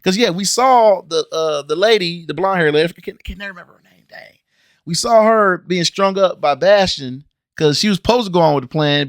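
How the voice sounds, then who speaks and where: A man's voice: on the high side, no room sound, clean studio sound. A man from the Cincinnati area ranting bluntly and animatedly in a casual review vlog, with slangy, exasperated asides. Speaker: show reviewer and channel host.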